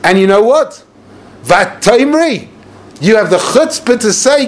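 A rabbi gives a yeshiva-style Torah lecture in a voice that sits high, moving at a measured pace. He's animated and sarcastic, sprinkling Hebrew and Yiddish terms through his English.

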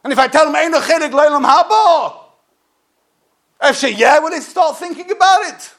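Brief: man with a very high voice, impassioned sermon. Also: normal speed. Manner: impassioned, swings from loud to hushed. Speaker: rabbi.

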